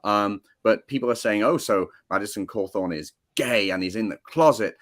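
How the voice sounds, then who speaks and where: A man's voice: fairly low pitch, moderate pace. British man questioning rhetorically. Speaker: guest host. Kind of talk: casual political chat.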